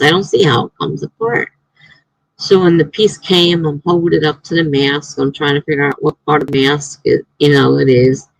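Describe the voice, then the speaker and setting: A woman's voice: low voice, gravelly, slightly rough, no echo, poor audio. A woman, a writer, hosting a casual live stream from home, chatting in a rambling way and laughing often.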